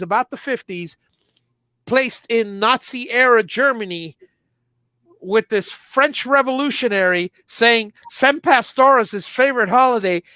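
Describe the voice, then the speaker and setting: A middle-aged man co-hosting a podcast, telling stories in a casual, animated way, acting out movie lines and often restarting his sentences. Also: sits high, dry recording, clean studio sound. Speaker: podcast co-host. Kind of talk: casual nostalgic chat.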